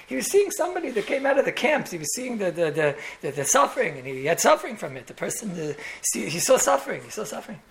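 Gravelly-voiced rabbi teaching a lecture. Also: male voice, high voice, sing-song, quick pace, hardly any pauses, slight background noise. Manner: storytelling with repeated words and chuckling asides. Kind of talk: Torah lecture in English laced with Yiddish and Hebrew terms.

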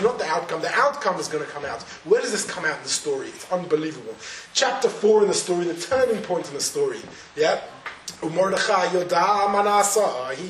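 A man teaching a religious lesson, telling a parable and acting out its dialogue, with Hebrew terms mixed in. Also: high voice. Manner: storytelling, acts out dialogue, with Hebrew and Yiddish terms. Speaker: Torah teacher. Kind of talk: sermon with a told parable. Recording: echoey room from far off, audible noise.

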